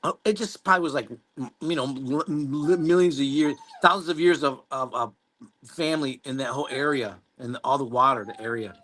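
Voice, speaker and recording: A man's voice: mid-range voice, brisk, a bit bright, slight background noise. A man hosting a live stream, reading out viewer comments and chatting casually, rambling, swearing and laughing often. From Mexico. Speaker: livestream host.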